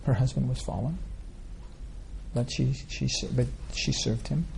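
A man with a low, mellow, gravelly voice answers questions at a religious gathering. He rambles through scripture stories with many restarts and fillers. Faint ambience sits behind him. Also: measured pace, slight background noise. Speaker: spiritual teacher answering questions. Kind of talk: informal religious Q&A talk.

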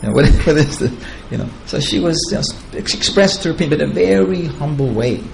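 A man's voice: on the high side, lively intonation, quick pace, gravelly, a little hiss or hum, rough recording. A man giving a devotional lecture, retelling scripture in a chatty, digressive way and chuckling at his own asides. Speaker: spiritual teacher.

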